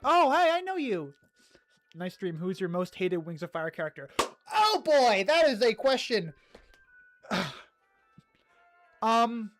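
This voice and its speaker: Streamer answering chat live, excitable and ranting, trips over words constantly, mid-range voice, soft music underneath. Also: medium pitch. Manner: excitable ranting with many stammered restarts. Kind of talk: casual livestream chat reading comments.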